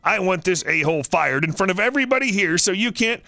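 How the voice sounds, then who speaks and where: A man's voice: high voice, lively intonation, quick pace, gravelly, bright, forceful tone, no echo, voice pushed up, heavily acted. A man voicing a rude, entitled woman customer who rants, swears and makes accusations. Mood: ranting.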